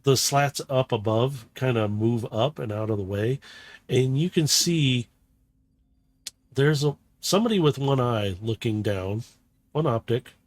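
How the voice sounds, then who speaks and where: A male game master narrates a tabletop role-playing game at a slow, unhurried pace. He describes scenes haltingly, often reaching for words. His mid-pitched voice sounds dry and close. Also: no room sound.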